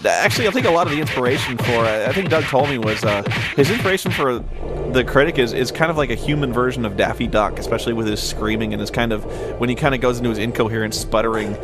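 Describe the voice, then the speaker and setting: A man's voice: mid-range voice, quick pace. Rambling man over background music. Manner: rambling, many restarts and fillers, laughs often. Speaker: commentary host. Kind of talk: casual DVD commentary.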